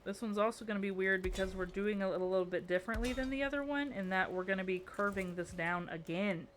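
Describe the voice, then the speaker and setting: A chatty woman streams live and mutters along as she builds, joking with her chat in a rambling, playful way. Her voice sits at a middle pitch. A faint hum of noise stays under it. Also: fast.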